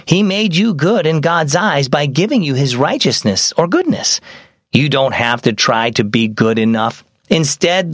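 A man voicing a gentle, reassuring mother in a storybook reading. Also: on the high side, no room sound, studio quality, exaggerated voice.

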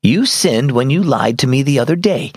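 Gentle apologetic storybook mom, voiced by a male narrator, warm patience, close dry read. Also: medium pitch, animated, normal speed, slightly rough, no room sound. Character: caring mother, gentle and apologetic. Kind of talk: storybook reading.

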